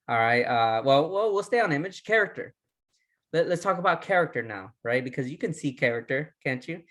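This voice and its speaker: A man's voice: on the high side, a bit bright. A man leading a recorded training lesson, speaking with energy, firing off repeated questions and restarting his words. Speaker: resilience trainer.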